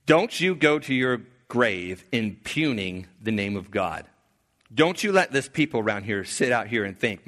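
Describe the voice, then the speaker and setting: A man preaching a sermon, swinging between loud, emphatic lines and hushed, slowed passages, often restarting his sentences. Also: medium pitch, expressive. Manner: earnest, with frequent restarts and filler.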